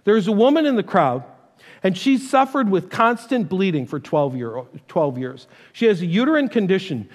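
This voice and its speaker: A man preaching a sermon as a pastor, telling the story with animated delivery and acting out the voices. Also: high-pitched, moderate pace. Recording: reverberant hall.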